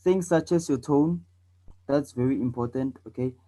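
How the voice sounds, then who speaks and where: Over poor-quality audio, a South African man with a mid-range voice leads a debate lesson. He shows how speech can be loud or soft, fast or slow, repeating his points and frequently asking "okay?" or saying "all right."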